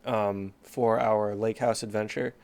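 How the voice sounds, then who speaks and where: A man co-hosting a podcast in casual chat, relaxed and teasing, laughing often. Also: lowish voice, unhurried, gravelly, smooth. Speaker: podcast co-host.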